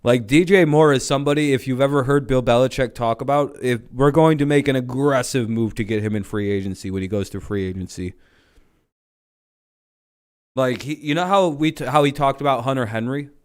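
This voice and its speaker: A man's voice: mid-range voice, steady tone, a little fast, clean tone. A man hosting a livestream, chatting casually about football in a rambling, joking way with plenty of swearing. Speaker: livestream host. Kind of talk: casual sports chat.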